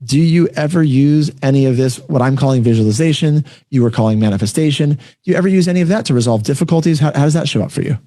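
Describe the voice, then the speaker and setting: A man's voice: a little high, mellow, no echo, studio quality. A man hosting a podcast interview, explaining ideas with concrete examples and often checking in with "right?". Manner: brisk, explanatory, frequent "right?" check-ins. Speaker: podcast host. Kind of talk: conversational interview.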